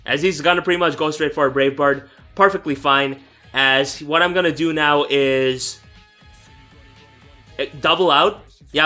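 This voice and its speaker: A young man talks through his own competitive match in a loose, rambling way, restarting sentences and swearing now and then. His voice is bright and forceful, and sits a little high for a man. Faint music plays underneath. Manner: rambling, self-correcting, swears casually. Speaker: gaming YouTuber. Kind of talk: casual live gameplay commentary.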